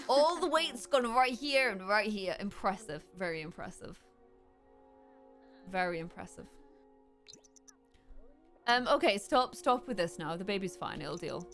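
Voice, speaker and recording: A young woman chatting casually while playing a game, rambling with fillers and breaking into high excited squeals. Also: measured pace, long pauses. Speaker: gameplay streamer. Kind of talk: casual chat over gameplay. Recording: faint music in background.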